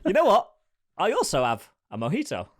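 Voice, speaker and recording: A British man co-hosting a podcast over an online call, lively and quick to laugh. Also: high-pitched. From Britain. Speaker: podcast co-host. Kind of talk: casual banter on a call.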